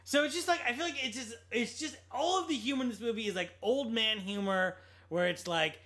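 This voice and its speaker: A man's voice: very high voice, a little fast, hardly any pauses. A man co-hosting a podcast, casually reviewing a film with sarcastic asides, swearing and quoting lines. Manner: animated, sarcastic, quotes movie lines; swears casually, lots of restarts. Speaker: podcast co-host.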